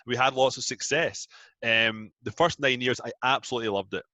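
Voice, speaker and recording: Scottish man, thirties, bright low voice, relaxed talkative guest, dry close sound. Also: a little fast, no room sound. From Scotland. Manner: chatty, self-deprecating, laughs easily. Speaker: guest, app founder. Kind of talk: casual interview chat.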